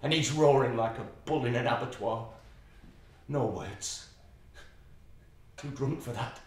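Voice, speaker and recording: A man's voice: mid-range voice, measured pace, slight background noise, lightly acted. An actor playing a violent, menacing father who recalls a brutal childhood, in a brooding stage monologue. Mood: tense, bitter. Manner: brooding and menacing, flaring into manic shouting. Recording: echoey hall, voice from far off.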